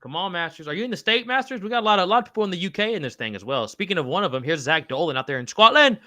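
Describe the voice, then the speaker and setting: Male co-host, high and very bright tone, hyped and profane. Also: lively intonation, very fast. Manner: hyped, interjecting, swears freely. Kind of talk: casual livestream chat.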